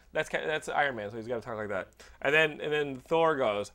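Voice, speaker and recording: A man hosting a podcast, playing a bossy, sarcastic casting director in an excitable comedy bit. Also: medium pitch, brisk. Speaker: podcast host.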